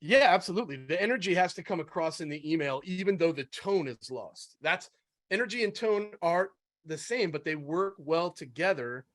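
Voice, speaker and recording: A man's voice: fairly high pitch, animated, moderate pace, a bit bright, no echo. Upbeat man hosting a webinar, dry sound. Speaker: webinar host. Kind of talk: casual panel discussion.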